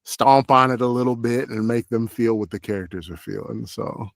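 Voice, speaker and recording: A young adult man chats as a guest in an interview, loose and rambling, full of "like" and now and then slipping into a quick acted line. His voice sits at a middle pitch, and the sound is close and dry with no room around it. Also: no room sound. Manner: relaxed, rambling, many "like" fillers, acts out short quoted lines. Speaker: voice actor guest. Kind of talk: casual interview chat.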